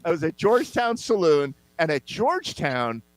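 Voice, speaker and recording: A man with a high, very lively voice spins a rambling story, leaping up into other people's voices and dropping back down as he goes. The sound is close and dry, with no room around it. He talks casually and curses freely. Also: normal speed, dry recording, poor audio. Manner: animated, acts out voices in anecdotes, swears freely. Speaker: jam session leader.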